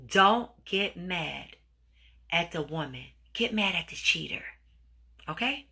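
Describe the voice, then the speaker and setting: Brief: woman podcast host, lively swooping delivery, bright tone, acts out voices. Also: on the low side, slow pace, gravelly, breathy edge. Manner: animated, acts out dialogue with sound effects. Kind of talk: storytelling relationship advice.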